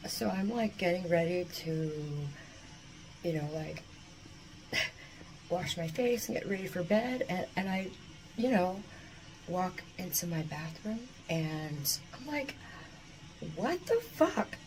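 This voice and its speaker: A woman talking to her phone camera at home, excited and profane, rambling with lots of fillers. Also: lowish voice, unhurried, pauses often. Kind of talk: casual selfie vlog. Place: indoors at home. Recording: noisy phone recording.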